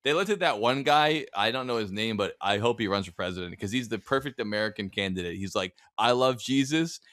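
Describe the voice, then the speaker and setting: Sarcastic bright-voiced man ranting. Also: fairly low pitch, quick pace, no room sound. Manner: sarcastic, mocking, swears freely. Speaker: podcast co-host. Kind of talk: casual ranting chat.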